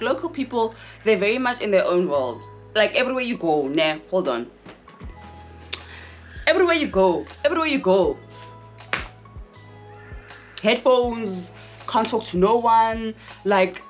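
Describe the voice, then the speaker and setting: A young woman from South Africa with a South African accent, talking frankly to camera in a casual vlog and repeating phrases for emphasis. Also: mid-range voice. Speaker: vlogger.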